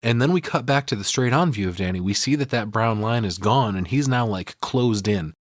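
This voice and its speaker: A man's voice: lowish voice, expressive, a little fast, dry recording, clean studio sound. A male podcast co-host giving a profane, casual film breakdown. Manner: profane, storytelling recap.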